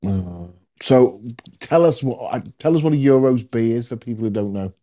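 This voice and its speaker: A man's voice: mid-range voice, expressive, moderate pace, mellow. A man hosting a podcast, chatting casually and jokily with plenty of ums. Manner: chatty, jokey, lots of ums. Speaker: podcast host. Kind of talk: casual chat.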